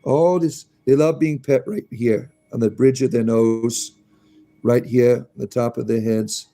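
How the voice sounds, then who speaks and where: Streamer guy chatting to his bunnies, mellow voice going up into baby talk, soft music in back. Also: mid-range voice, fairly even intonation, unhurried. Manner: coos and talks to his pets in a playful, rising baby-talk voice. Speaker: live streamer. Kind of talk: casual live stream chat.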